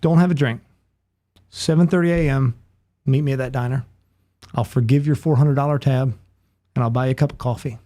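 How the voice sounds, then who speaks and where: A man's voice: medium pitch, fairly even intonation, a little fast, long pauses, dark tone, lightly acted. A man voicing an earnest middle-aged bartender in a told joke, pleading and heartfelt, often calling his listener "man.". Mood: coaxing.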